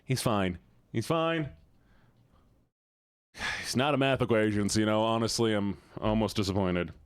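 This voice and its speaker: A man streaming live, reacting to viewer submissions with exasperated, theatrical rants that jump into high squeals. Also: measured pace, clean tone, dry recording.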